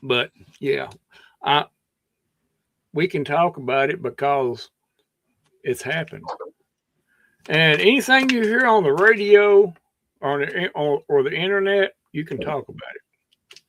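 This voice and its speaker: A man's voice: fairly high pitch, unhurried, long pauses, a bit bright, dry recording. A man with a Kentucky accent hosting a livestream in rambling casual chat, his throat a bit scratchy, drawling and meandering with many restarts. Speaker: livestream host.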